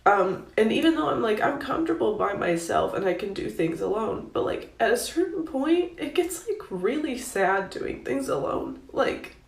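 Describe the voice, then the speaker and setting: A young woman who is crying and confides in a halting way, with lots of filler. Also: a little high, lively intonation, vocal fry. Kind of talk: confessional vlog. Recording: echoey room.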